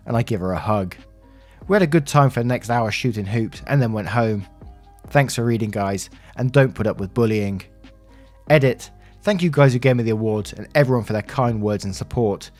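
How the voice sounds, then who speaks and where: A man with a mid-range voice reads a first-person story aloud. His delivery is steady and earnest. Faint music plays beneath the narration. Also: medium pitch, brisk.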